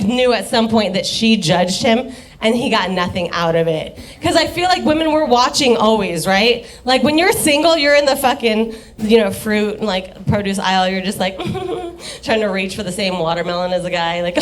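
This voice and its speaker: A young woman doing a rambling, profane stand-up set in a bar, often laughing at her own jokes. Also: on the high side. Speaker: stand-up comedian. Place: dive bar comedy stage.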